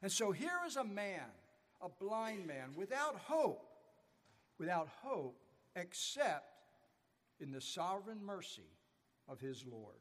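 A man's voice: sits high, very animated, slow pace, long pauses, a bit bright. A man preaching a sermon as pastor, telling stories with rising and falling emphasis. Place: church sanctuary. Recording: church sanctuary with long reverb.

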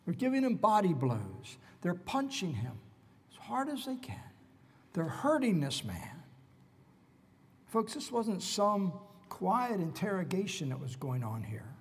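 A man's voice: high-pitched, very animated, measured pace, breathy edge, in a large hall. A man preaching an expository sermon, retelling scripture with dramatic, emphatic storytelling.

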